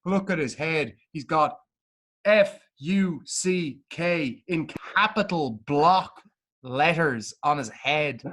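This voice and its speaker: A man's voice: a little high, slow pace, a bit bright. A man co-hosting a podcast, chatting bluntly and swearing a lot while telling a story. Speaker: podcast co-host. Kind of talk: casual chat.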